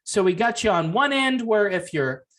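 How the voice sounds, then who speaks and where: A man ranting to camera on his music commentary channel, frustrated and yelling, sarcastic, swinging between loud outbursts and low mutters. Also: lively intonation, moderate pace. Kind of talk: heated rant to camera.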